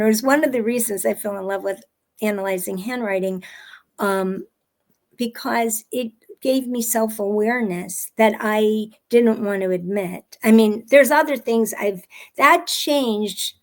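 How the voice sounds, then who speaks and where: A woman handwriting expert chatting as an interview guest, telling stories animatedly with frequent restarts. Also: mid-range voice. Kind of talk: casual interview chat.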